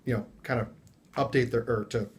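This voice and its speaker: A man hosting a business interview, quickly paraphrasing and affirming his guest's points. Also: medium pitch, steady tone. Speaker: interviewer, channel manager.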